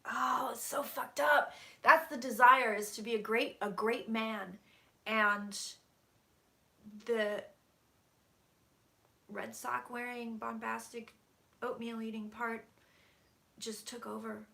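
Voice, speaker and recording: A woman's voice: on the high side, steady tone, takes it slowly, creaky, pauses often, bright, forceful tone. A woman psychic channeling on a live stream from her room, talking intensely, dropping to whispers and swearing freely. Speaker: psychic reader.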